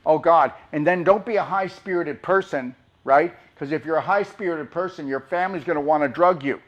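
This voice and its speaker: A man speaks with fervor, firing rhetorical questions at his listeners as he drives each point home. His voice sits a little high for a man. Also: a little fast, lo-fi sound. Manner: emphatic, rhetorical questions to the audience. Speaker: doctor giving a talk. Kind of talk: impassioned motivational talk.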